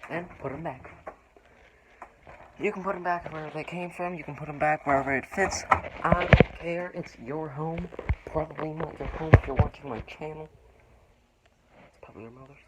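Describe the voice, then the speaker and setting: A man's voice: fairly high pitch, steady tone, a little fast, long pauses. A man hosting a joking home cooking vlog. He rambles, swears and makes fun of himself, a little out of breath, filming on a phone. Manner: self-mocking, swearing, rambling. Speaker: cooking vlogger. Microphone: phone held on his arm. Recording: loud background noise.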